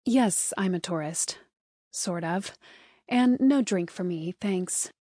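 A woman voicing a friendly, determined young heroine on a business trip, speaking politely and brightly in an audiobook. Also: lowish voice, slow, dry recording, studio quality.

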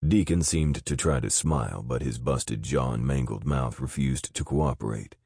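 Very deep, husky male narrator. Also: no echo, studio quality. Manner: steady, measured storytelling. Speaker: audiobook narrator. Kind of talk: scripted narration of an action novel.

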